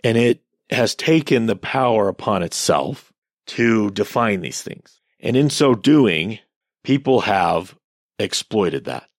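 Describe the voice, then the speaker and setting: A man's voice: fairly low pitch, expressive, takes it slowly, dry recording, studio quality. A man in his thirties giving casual commentary on online posts, ranting in a sarcastic, profane way.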